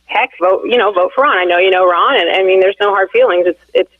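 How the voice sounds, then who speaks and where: A woman's voice: medium pitch, quick pace. A woman in her forties, the candidate's wife, phoning in to an interview and telling a long story full of fillers and restarts. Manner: rambling, many fillers and restarts. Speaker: phone guest, candidate's wife. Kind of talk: casual storytelling on a call-in interview. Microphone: telephone. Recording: tinny phone line, dry.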